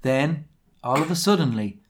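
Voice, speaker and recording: A man's voice: on the high side, normal speed. A British man co-hosting a comedy podcast, reading a fan fiction aloud with dramatic flair. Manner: lively dramatic reading with silly put-on quotes. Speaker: podcast co-host.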